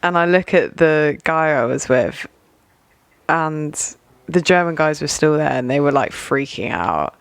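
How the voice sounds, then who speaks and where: A young English woman, a singer-songwriter, telling a wild story as a podcast guest, animated and acting out the people in it. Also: deep voice, unhurried, no room sound. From England. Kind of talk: casual storytelling.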